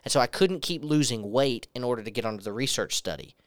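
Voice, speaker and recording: A man's voice: mid-range voice, quick pace, no room sound, studio quality. A young man giving a personal testimony as a sermon, earnestly telling a story and acting out the dialogue in it. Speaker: preacher.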